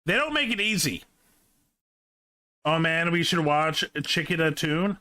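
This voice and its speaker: A man with a bright, ringing voice, fairly high for a man, reacting casually to a video. He sounds enthusiastic and swears freely as he comments. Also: expressive, a little slow.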